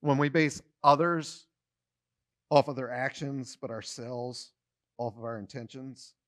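A man's voice: mid-range voice, steady tone, measured pace. A man pastor giving a conversational sermon, often repeating words as he starts a phrase and acting out everyday quotes with a shifting tone.

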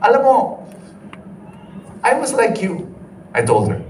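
A man with a Filipino accent preaching a sermon, switching between English and Tagalog in a lively way. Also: sits high, measured pace. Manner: lively, mixes English and Tagalog, sings briefly, laughs often. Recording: roomy, from some distance, faint background noise.

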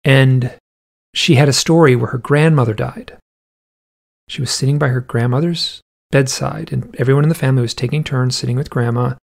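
A man speaks at normal speed in a creaky, medium-pitched voice with a steady tone. He's a guest in an interview, casually rambling through a story, tossing in lots of "like" asides and imitating the voices of the characters.

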